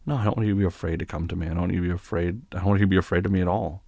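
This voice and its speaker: A young man speaks in a deep, husky voice with a gravelly edge, recorded dry and close. He plays a tender boyfriend role-play, reassuring and patient. His speech is soft, with little stammers and restarts. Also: steady tone, racing, dry recording.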